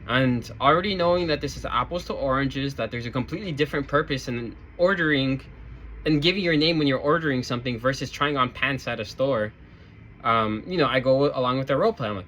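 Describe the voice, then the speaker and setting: A man's voice: mid-range voice, a little fast, pushed and bright, slight background noise. A man who works in a retail store, telling a story about his job in a sarcastic, rambling, aggrieved way. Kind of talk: casual storytelling to camera.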